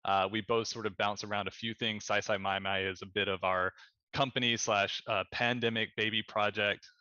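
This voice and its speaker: A man in his thirties giving a casual, rambling panel presentation over a video call, talking fast with lots of fillers. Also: on the low side, level tone, bright, forceful tone, no echo, highs cut off. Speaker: panel presenter, studio co-founder.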